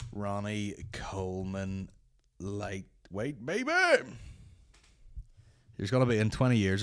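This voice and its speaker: A man's voice: sits low, a little mellow, dry recording, clean studio sound. A man with a Northern Irish accent hosting a comedy podcast, telling a story casually, swearing constantly and slipping into voices of other people. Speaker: podcast host.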